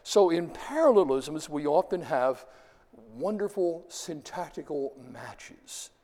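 A man's voice: a little high, sing-song, slow pace, dark tone, big-room sound. A man giving a classroom lecture, explaining step by step and asking his students questions as he goes. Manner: explanatory, stops often to ask the class.

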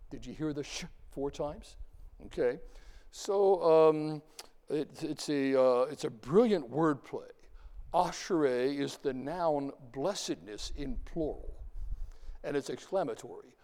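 A man lecturing his class in a lively way, talking to students and chanting examples aloud. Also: a little high, unhurried. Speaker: university lecturer. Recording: reverberant lecture hall.

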